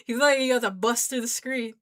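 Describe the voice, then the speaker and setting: A woman streamer chatting loudly and jokingly while playing and reading out game dialogue. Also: fairly high pitch, noisy background. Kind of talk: casual gameplay commentary and reading out game dialogue. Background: video game music.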